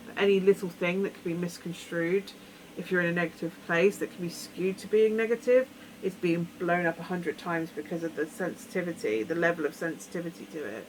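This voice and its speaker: A woman's voice: lowish voice, brisk, slight background noise, poor audio. Earnest woman giving tarot advice. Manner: rambling and earnest, acting out imagined dialogue. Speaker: tarot reader. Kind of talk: weekly tarot reading, casual advice.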